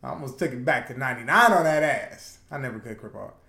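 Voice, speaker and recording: A man co-hosting a podcast in casual banter, swearing freely, laughing often and telling stories with animated quoted voices. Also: mid-range voice, quick pace, gravelly. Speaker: podcast co-host. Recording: echoey room.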